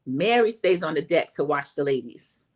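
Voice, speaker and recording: A woman's voice: low voice, animated, normal speed, low-quality recording. Chatty middle-aged woman recapping TV. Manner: chatty, retells scenes and acts out quoted lines. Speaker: host of a reality TV recap livestream. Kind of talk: casual opinionated recap. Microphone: home streaming setup.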